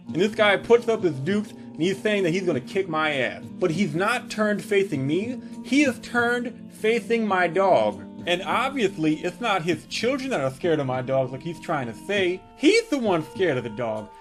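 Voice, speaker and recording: A man telling crude comedic stories in an animated monologue, landing punchlines deadpan. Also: fairly high pitch. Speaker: comedic storyteller.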